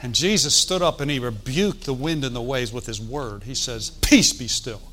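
A man's voice: mid-range voice, normal speed, bright, forceful tone. A man preaching a sermon in a conversational, folksy way, with joking asides and calls for the congregation to answer. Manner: asks the congregation for responses.

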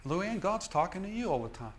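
A man's voice: high voice, sing-song, fairly quick. A male minister preaching a sermon in an emphatic, repetitive style, often restarting his phrases.

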